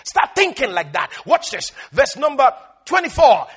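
A man's voice: extremely high pitch, big pitch swings, normal speed, few pauses, fairly bright tone, husky. A male preacher giving an emphatic sermon, calling on the listeners to respond and quoting scripture.

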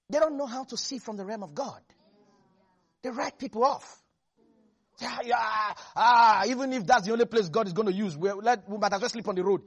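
A preacher delivering a lively sermon to a congregation, laughing often and acting out Bible characters in different voices. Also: medium pitch, a little fast, husky. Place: church with a congregation.

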